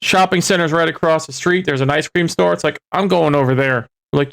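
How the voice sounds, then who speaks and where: A man tells a story on a comedy podcast in an animated, profane way, acting out each line of dialogue. His voice sits a little high for a man and keeps a loose, casual rhythm. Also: brisk, vocal fry, hardly any pauses. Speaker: podcast co-host.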